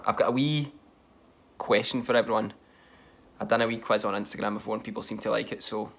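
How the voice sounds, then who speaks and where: A man's voice: lowish voice, vocal fry, a bit bright. A young man telling a self-mocking story in casual style, often laughing. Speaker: vlogger.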